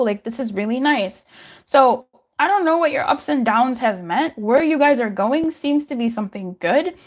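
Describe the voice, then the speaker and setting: A woman's voice: sits high, animated, moderate pace. A young adult woman giving a casual live-stream tarot reading, chatty and laughing often, with frequent swearing. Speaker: tarot reader.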